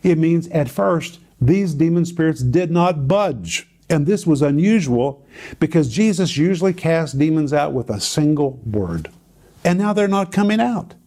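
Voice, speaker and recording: A man's voice: a little high, animated, a little slow, warm tone. A man teaching on a Bible passage to a co-host, telling it in a dramatic, emphatic way with repeated phrases.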